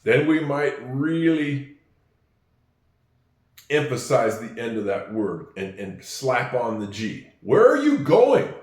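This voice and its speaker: Slow, patient male English teacher. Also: medium pitch, echoey room. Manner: slow, patient, repeats phrases for learners. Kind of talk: spoken English lesson.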